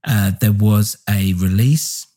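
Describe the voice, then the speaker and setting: Deep mellow-voiced man chatting. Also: takes it slowly. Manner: relaxed, filler-heavy, enthusiastic. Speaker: podcast co-host. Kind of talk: casual chat.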